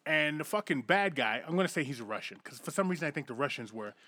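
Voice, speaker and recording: Podcast co-host, man, rambling and profane, higher-pitched voice. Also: lively intonation, fast talker, sharp tone. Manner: does mocking voices when quoting. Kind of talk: casual chat.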